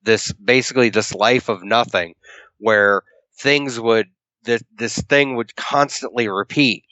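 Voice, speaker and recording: The recording is dull lo-fi podcast audio with no echo, featuring a man whose mid-range voice has a sharp tone and a measured pace. As a co-host, he retells a comic's storyline at length in casual conversation, acting out lines and swearing freely.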